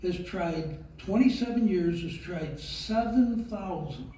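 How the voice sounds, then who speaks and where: An older man, speaking slowly and haltingly with many fillers as he tells a heartfelt personal story in an award speech. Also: high voice, expressive, dark tone, a little hiss or hum. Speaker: award recipient giving a speech. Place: large event hall. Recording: very echoey hall, voice from far off.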